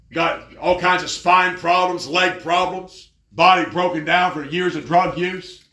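A man preaching a fervent sermon, telling stories and rising to loud exclamations. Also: fairly high pitch, reverberant.

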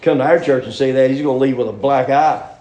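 A man's voice: medium pitch, fast talker, mellow. A male pastor, preaching a sermon in a folksy, rambling way that restarts often. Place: church sanctuary. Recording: echoey church room.

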